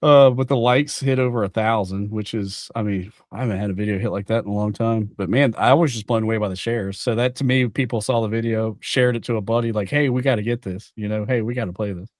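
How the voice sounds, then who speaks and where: A man's voice: on the low side, steady tone, quick pace, hardly any pauses, a little mellow, no room sound, clean studio sound. A man as a guest on a gaming podcast, talking casually and rambling through his stories. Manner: rambling, restarts mid-sentence. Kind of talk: casual chat.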